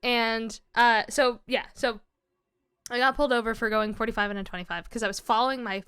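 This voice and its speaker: Young woman hosting a comedy podcast, kinda high voice, rambly and giggly, lots of likes and uhs. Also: steady tone, brisk, fairly bright tone, smooth, no echo, studio quality. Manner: rambling storyteller, giggly, full of fillers. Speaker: podcast host. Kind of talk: casual comedy podcast chat.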